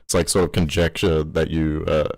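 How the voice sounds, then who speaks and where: A man co-hosting a stream, asking questions haltingly, full of fillers. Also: extremely low pitch, level tone, a little mellow, dry recording, studio quality. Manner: halting, many fillers and restarts. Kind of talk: casual interview questions.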